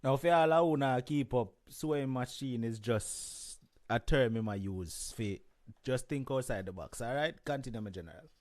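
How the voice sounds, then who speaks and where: A man's voice: mid-range voice, moderate pace, a little mellow, dry recording, studio quality. A man hosting an interview, making brief asides to the audience. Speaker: host.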